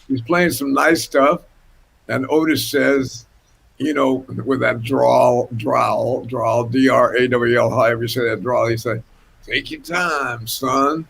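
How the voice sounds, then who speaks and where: Gravelly older man telling a story. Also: mid-range voice, measured pace, a little hiss or hum, poor audio. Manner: animated, laughing anecdote teller. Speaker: guest musician. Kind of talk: casual storytelling on a panel. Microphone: video call from home.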